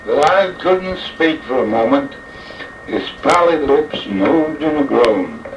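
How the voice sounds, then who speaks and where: A man recites a dramatic verse tale as an old head jockey, theatrical and deliberate in his phrasing. His voice is slightly high and sounds far from the microphone in a reverberant room. The old recording is dull and muffled, with faint noise underneath. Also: animated. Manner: theatrical, slow and deliberate delivery.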